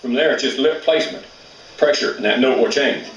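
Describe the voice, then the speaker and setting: A man's voice: medium pitch, fairly quick, over loud music. Folksy man teaching elk calls, distant and echoey. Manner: plainspoken, folksy, rural grammar. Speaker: elk calling instructor. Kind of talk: outdoor hunting instruction.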